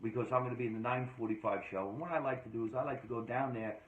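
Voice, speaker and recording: A man from New Jersey hosting a casual podcast chat, energetic and joking with emphatic delivery. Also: medium pitch, rapid-fire. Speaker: podcast host. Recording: echoey room, dull lo-fi sound.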